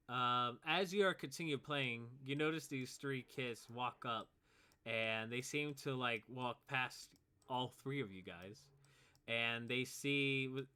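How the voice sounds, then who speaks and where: A man narrating as game master for a tabletop game. His voice sits at an ordinary middle pitch, and he talks in a relaxed, loose way with frequent chuckles. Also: clear, resonant tone.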